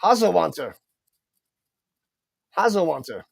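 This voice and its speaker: A man with a high, gravelly voice speaks slowly on a dry recording. Streaming a football game live, he gives excited play-by-play, chats with viewers and stumbles over unfamiliar player names.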